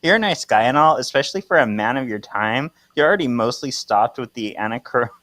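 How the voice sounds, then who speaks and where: A man's voice: mid-range voice, lively intonation, a little fast, fairly bright tone, no echo, natural voice. A man reading the lines of a fed-up young woman who tells off a man, exasperated and emphatic.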